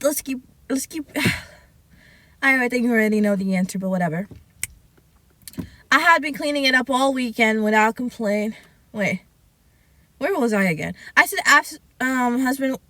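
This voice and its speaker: Sassy high-voiced young woman. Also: a bit bright, no room sound. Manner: sassy and chatty, scolding asides, drawn-out words. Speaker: podcast host reacting to online stories. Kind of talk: casual reaction commentary, reading posts aloud.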